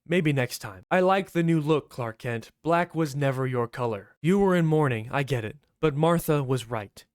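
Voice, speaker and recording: A hopeful young woman from a small farm town in a comic, as a man reads her aloud. The tone is gentle and smooth. It sits slightly high and sounds dry and close. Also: expressive, moderate pace, no echo, lightly acted.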